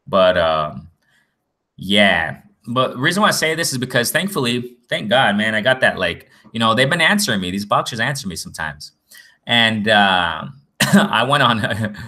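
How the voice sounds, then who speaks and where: A man's voice: on the low side, sharp tone. A man chatting casually in a boxing vlog, rambling and often saying "you know what I'm saying". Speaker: boxing vlogger. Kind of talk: casual chat.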